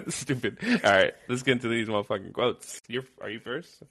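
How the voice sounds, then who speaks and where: A man's voice: medium pitch, animated, normal speed, creaky, a bit bright, dry recording, clean studio sound. A man co-hosting a podcast, chatting casually and laughing often as he recaps scenes. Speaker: podcast co-host. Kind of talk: casual chat.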